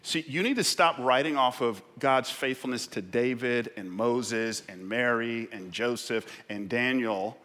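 A male pastor delivering an impassioned sermon in a church, swinging from quiet reflection to loud, shouted exhortation. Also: medium pitch, unhurried, few pauses. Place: church sanctuary in San Francisco. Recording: long hall reverb in a church.

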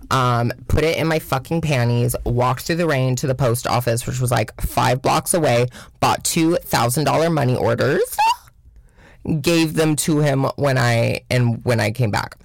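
Gravelly-voiced young woman telling a story. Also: very deep voice, no room sound. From Washington State. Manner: chatty, profane, heavy filler "like", mocking voices in quotes. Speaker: vlogger. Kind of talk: casual storytime monologue.

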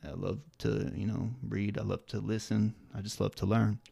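A man's voice: fairly low pitch, flat delivery, normal speed, vocal fry, warm tone, breathy edge, no room sound, clean studio sound. A man co-hosting a podcast in casual chat, with a slight Southern American accent, talking in a rambling way full of fillers. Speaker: podcast co-host.

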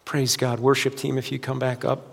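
A man preaching a sermon as pastor, swinging between loud urgent preaching and quiet, soft-spoken appeals. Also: medium pitch, completely flat delivery, fairly quick, gravelly, husky, big-room sound.

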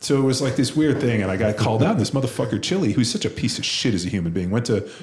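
A man who played football telling profane, animated stories in a casual chat. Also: medium pitch, racing. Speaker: podcast host, former football lineman.

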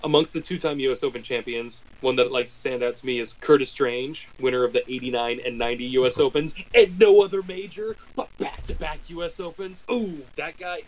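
A man from the United States talks in an animated, rambling way. He keeps breaking off into quick asides and restarting his sentences, at an ordinary middle pitch. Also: rough recording. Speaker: podcast co-host. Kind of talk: casual chat.

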